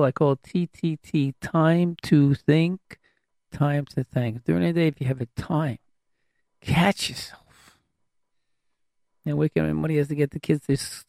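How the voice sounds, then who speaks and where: Man preacher, high-pitched and very gravelly, urging and repeating himself. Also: darkish tone, no room sound, studio quality. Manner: emphatic, repetitive, exhorting. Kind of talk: sermon.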